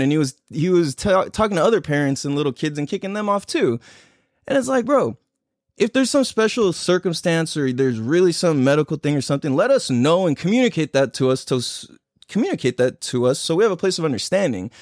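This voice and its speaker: A man's voice: fairly high pitch, lively intonation, a little fast, darkish tone, no echo, clean studio sound. A young man hosting a podcast, telling a story in a heated, profane rant while laughing at himself. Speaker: podcast host. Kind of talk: casual ranting story. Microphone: live stream on a phone.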